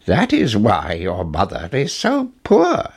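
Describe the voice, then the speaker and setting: Guy reading as a mysterious old man from a storybook, earnest, slow and a bit husky. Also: lowish voice, huge pitch swings, exaggerated voice.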